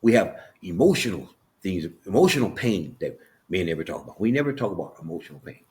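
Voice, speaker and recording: A man with a very low voice shares his life story as an interview guest. He talks quickly and earnestly, stumbling and repeating words as he goes. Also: big pitch swings, a little mellow. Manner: halting, many restarts and repeated words; earnest and emotional. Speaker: author and podcast guest. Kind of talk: candid personal storytelling in an interview.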